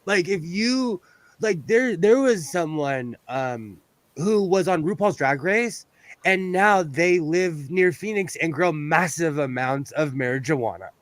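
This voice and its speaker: A man from the West Coast chats casually while he sews on a livestream, his voice sitting a little high and bouncing up and down in pitch. He rambles from one story to the next, restarting sentences and laughing often. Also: lively intonation, slow, no echo. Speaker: sewing livestream host. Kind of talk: casual chat while sewing.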